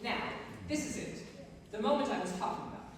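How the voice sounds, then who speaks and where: A man's voice: very high-pitched, lively intonation, fairly quick. A young male student actor playing a lonely, rambling theatre fan who confides in the audience on a school stage. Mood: confiding. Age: teens. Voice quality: confiding, rambling, self-mocking. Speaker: narrator character in a stage musical. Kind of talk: live stage acting. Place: large school auditorium stage. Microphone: distant stage mics. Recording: echoey hall from far off with noise.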